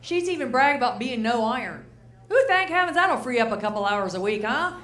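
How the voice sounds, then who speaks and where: A woman's voice: a little high, very animated, fairly quick, fairly bright tone, a little hiss or hum. An older woman performing a stand-up routine on stage, chatty and asking the crowd questions, now and then acting out the people she talks about. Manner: chatty, asks the crowd questions, acts out characters. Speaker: stand-up comedian. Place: comedy stage before a live audience. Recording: roomy live venue.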